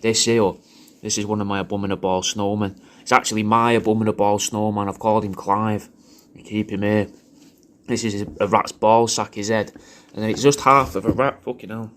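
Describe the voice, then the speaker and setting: A man's voice: lowish voice, level tone, moderate pace. A man talking in a crude, rambling way, recording a personal video message full of swearing and restarts. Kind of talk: casual rambling monologue.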